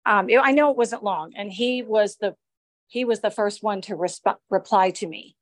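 Speaking at a moderate pace in a mid-range voice, a woman in her forties recounts in an interview what happened to her as a victim. The audio is studio quality with no room sound, and her casual telling rambles, with frequent restarts and acted-out dialogue.

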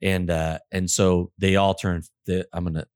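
A man's voice: sits low, little pitch movement, normal speed, a little mellow, clean tone, dry recording, studio quality. A middle-aged man co-hosting a casual podcast, talking in a rambling way with many restarts. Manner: rambling, full of restarts and fillers. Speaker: podcast co-host, auto service consultant.

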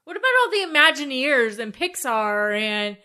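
A woman with a lively, bouncing voice pitched a little high co-hosts a casual podcast. She answers in quick reactions and laughs often. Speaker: podcast co-host.

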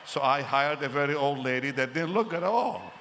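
A man in his seventies preaching a sermon, telling his story with animated delivery and acting out conversations. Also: fairly high pitch, normal speed, slight background noise. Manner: animated storytelling, acts out dialogue. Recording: long reverb of a large hall.

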